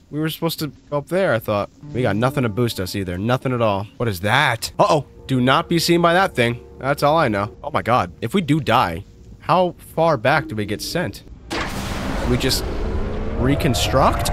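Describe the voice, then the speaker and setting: Excitable young man gaming, swearing. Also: medium pitch, fairly quick. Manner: excitable, swears a lot, shrieks when scared. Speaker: gaming streamer. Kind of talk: let's play commentary.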